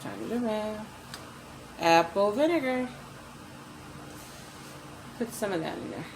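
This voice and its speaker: A woman's voice: medium pitch, animated, unhurried, background noise. A woman giving a casual cooking demo from her home kitchen, chatting to viewers as she adds each ingredient. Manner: chatty, addresses viewers as "you guys"; repeats ingredient names as she adds them. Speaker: cooking vlogger.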